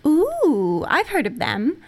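An actress plays a quirky young woman with a high, very lively voice. She jokes and rambles. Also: slow pace, full character voice. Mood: playful. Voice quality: playful, quirky. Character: chatty quirky young woman newly moved.

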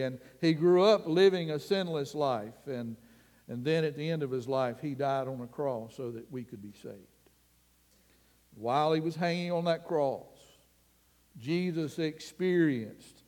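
A man preaching a sermon as pastor, earnest and deliberate, sometimes dropping his voice to a hush. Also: a little high, big-room sound. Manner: slow, earnest preaching with dramatic drops to a hush.

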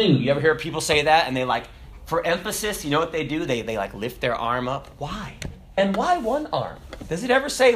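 Animated Southern preacher man, high lively voice. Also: normal speed. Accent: Southern American. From American South. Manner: folksy and animated, jokes and rhetorical questions. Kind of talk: sermon.

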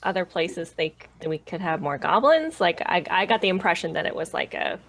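Woman, tabletop player, curious questions, lowish gravelly voice. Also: lively intonation, a little fast, a bit bright. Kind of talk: casual tabletop play.

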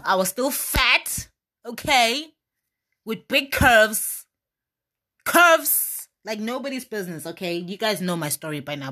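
A young woman giving a motivational faith talk, telling her own story with emphatic, animated bursts that rise loud. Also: lowish voice. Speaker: speaker sharing her story.

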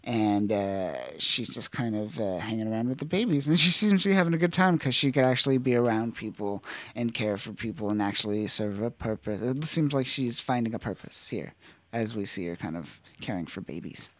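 A man's voice: fairly low pitch, brisk, dry recording. Casual man recapping comics, dry sound. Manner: loose, profane recapping with quoted voices. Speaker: podcast co-host. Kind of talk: casual comic book discussion.

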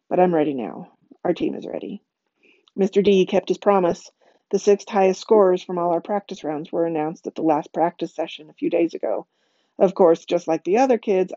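A woman reading a novel aloud, expressive, with a lively rhythm in lists. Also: lowish voice, no room sound, highs cut off. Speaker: reader.

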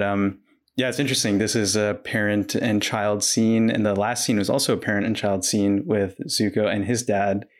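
A man co-hosting a podcast, casually walking through scenes step by step in a relaxed way. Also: lowish voice. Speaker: podcast co-host recapping episodes. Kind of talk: casual recap chat.

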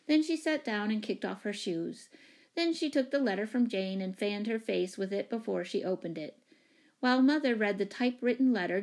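Woman, storybook narrator, clear even delivery, mid-pitched voice. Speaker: audiobook narrator. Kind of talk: storybook reading.

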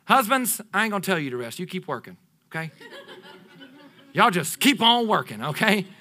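A pastor in his thirties preaching a sermon to his congregation, animated and joking with them as he goes. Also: high voice, normal speed. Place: church sanctuary.

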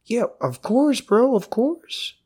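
A man's voice: very high voice, very animated, takes it slowly, darkish tone, husky, voice pushed up, exaggerated voice. A man voicing an overly friendly young male resort waiter who keeps calling people bro. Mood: breezy. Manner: chummy, keeps saying bro.

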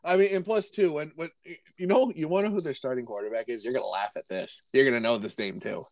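A man's voice: medium pitch, fast talker, dry recording. A young man co-hosting a casual sports podcast, rambling and joking with a friend. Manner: rambling, joking, restarts and laughs. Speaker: podcast co-host.

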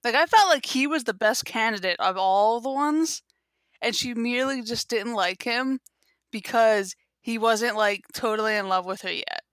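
Young woman, bright tone, casual rambling chat, many fillers, dry close mic. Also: a little high, moderate pace, no room sound. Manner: rambling, lots of "like" fillers, recaps a show. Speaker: podcast co-host.

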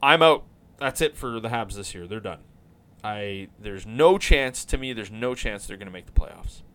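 A man hosting a podcast, talking casually about hockey in an animated, rambling way and swearing now and then. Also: on the low side, normal speed, clean tone. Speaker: podcast host.

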